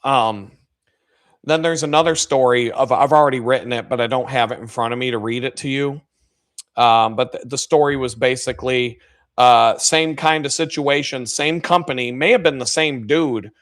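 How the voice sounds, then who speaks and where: A foul-mouthed man hosts a live stream, spinning crude stories about office life. He talks casually and loosely, swearing constantly and often laughing at his own jokes. His voice sits at an ordinary pitch for a man. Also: moderate pace, fairly bright tone. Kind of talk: profane casual storytelling.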